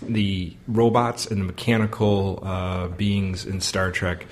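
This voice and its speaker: A man with a somewhat low voice co-hosts a casual podcast chat. He rambles through his points, filling gaps with ums and uhs. He laughs easily along the way. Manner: rambling, full of fillers and quick laughs. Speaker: podcast co-host.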